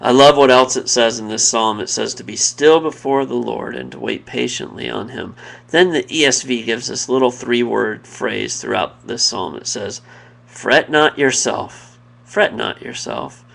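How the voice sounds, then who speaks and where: A man giving an earnest, reflective personal devotional talk, pausing and restarting mid-thought. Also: medium pitch, creaky, a bit bright. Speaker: devotional video speaker.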